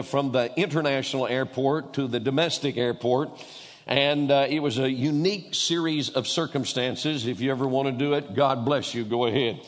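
A man preaches to a congregation, his voice sitting a little on the high side. He tells stories with quoted back-and-forth and drives home key lines by repeating them. A long reverb trails after each phrase, as in a large church hall. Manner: storytelling with quoted dialogue, emphatic repetition. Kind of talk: sermon. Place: church sanctuary.

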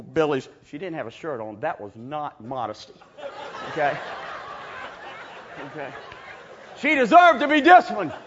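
A man preaching, telling a comic story in a sermon. His voice sits high and sounds bright and sharp, and he jumps between loud bursts and hushed asides. The recording is a little muffled. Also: slight background noise.

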